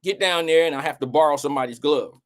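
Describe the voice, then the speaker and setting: A middle-aged man hosting a live show, telling a personal story in a blunt, animated way, with casual swearing and acted-out quotes. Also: quick pace. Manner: animated, acts out quotes with swings in pitch. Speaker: host.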